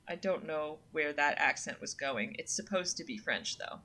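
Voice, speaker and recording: In this casual let's-play, a young woman chats her way through a story game and reads the narration aloud, addressing the player as "you" and dropping in ums and uhs. Her voice sits low and is expressive, moving at normal speed with few pauses. The delivery sounds pushed and bright.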